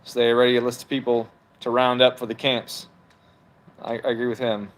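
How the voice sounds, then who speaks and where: A man's voice: mid-range voice, completely flat delivery, fairly quick. A man hosting a livestream from home, reading chat messages aloud and arguing back in a heated, profane, casual rant. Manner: profane, argumentative, talks back to comments.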